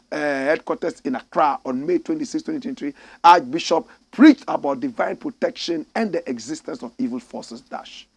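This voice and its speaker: High, gravelly Ghanaian commentator. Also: male voice, no echo. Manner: sarcastic, combative, reads news aloud. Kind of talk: opinionated news commentary.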